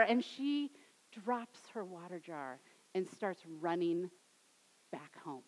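A woman in her thirties delivers a sermon in a high, bright-pitched voice. She builds to loud, dramatic peaks, then drops to soft, hushed closes. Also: animated, unhurried, low-quality recording. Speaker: pastor.

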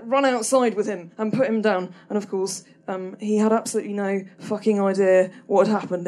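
A woman's voice: mid-range voice, a little mellow. Hesitant woman doing stand-up. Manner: hesitant, self-deprecating, many ums and restarts. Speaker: comedian. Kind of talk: stand-up storytelling.

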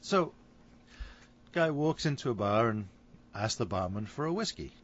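A man's voice: fairly low pitch, sing-song, moderate pace, dull audio. A man with a Scouse accent from Liverpool, co-hosting a podcast and reading crude jokes aloud with frequent laughter. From Liverpool, England. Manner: laughs often, reads jokes aloud with a chuckle. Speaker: podcast co-host. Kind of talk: casual podcast banter telling jokes.

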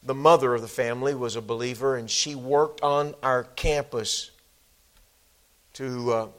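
A man's voice: medium pitch, steady tone, measured pace, a bit bright. A man preaching a sermon as pastor, telling a story and acting out the people in it, then closing in prayer. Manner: storytelling, acts out quoted voices.

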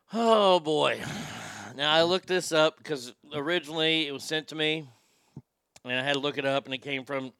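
A man's voice: on the high side, bright, forceful tone, clean tone, dry recording, clean studio sound. A man hosting a casual show, ranting sarcastically with lots of profanity. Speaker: podcast host.

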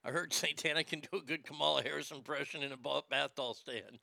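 A man's voice: fairly high pitch, moderate pace, vocal fry, sharp tone, no room sound. A man hosting a comedic talk show, laughing often and stammering as he jokes crudely. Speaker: radio show host.

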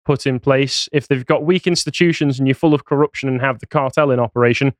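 A man's voice: medium pitch, fast, dry recording, studio quality. A man co-hosting a casual podcast, reading news articles aloud and mocking them with sarcastic asides. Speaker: podcast co-host.

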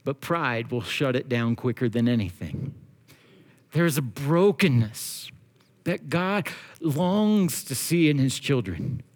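A man preaching a sermon as pastor, earnest and exhorting, with slow emphatic phrasing. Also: medium pitch, animated.

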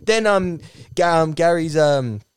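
A man's voice: a little high, expressive, measured pace, clear, resonant tone, no echo. A man telling a comic story in casual podcast chat, rambling with lots of fillers. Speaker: podcast co-host.

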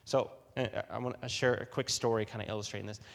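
A man's voice: mid-range voice, quick pace, gravelly, big-room sound. A man preaching to a youth group, telling a long personal story full of fillers and restarts. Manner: animated storytelling, many fillers and repeated starts. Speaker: youth pastor.

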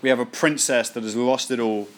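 A man giving a Sunday sermon as the speaker at church, reading scripture slowly and then acting out quotes and voices with lively emphasis. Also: mid-range voice. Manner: animated preaching, acts out voices and quotes. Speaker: pastor.

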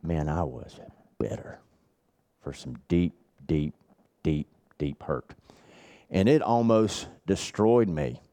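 A middle-aged man preaching at a men's retreat, telling a personal story with earnest repetition, dropping his voice low and then building it back up. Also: expressive, slow, long pauses, mellow. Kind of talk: sermon.

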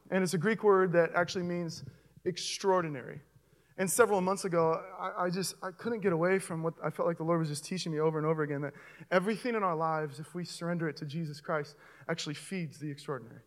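A young man preaching as a pastor, telling a comic story to his church and getting loud and animated at the funny parts. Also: sits high. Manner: animated storyteller, voice rising sharply with excitement. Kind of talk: sermon with a comic personal story. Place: church auditorium with audience.

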